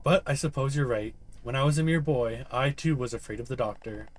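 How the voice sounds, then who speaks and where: A man's voice: medium pitch, fairly quick, lightly acted. A man voicing a jovial but menacing older asylum doctor who talks in a smug, teasing way.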